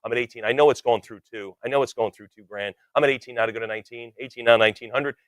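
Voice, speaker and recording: A man's voice: medium pitch, steady tone, no echo. Man calling bids at a live auction. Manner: rapid bid chanting with joking asides.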